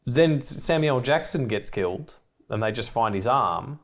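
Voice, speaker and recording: Male podcast co-host from Australia, talks fast and manically, casual, sweary film-commentary rambler. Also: medium pitch. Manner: rambling, excitable, swears freely, laughs often.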